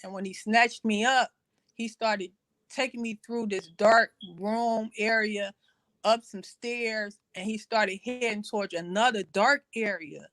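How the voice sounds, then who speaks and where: A woman telling her personal testimony in conversation. She speaks haltingly, with many fillers and repeated phrases, and raises her voice when quoting others. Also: medium pitch, steady tone, fairly bright tone, no echo. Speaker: guest sharing her testimony.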